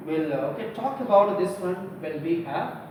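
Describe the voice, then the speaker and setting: A woman's voice: fairly low pitch, lively intonation, moderate pace, darkish tone. A woman teacher gives a grammar lesson to a class. She keeps saying "okay", asks questions and answers them herself. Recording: very echoey room, distant mic, faint hum.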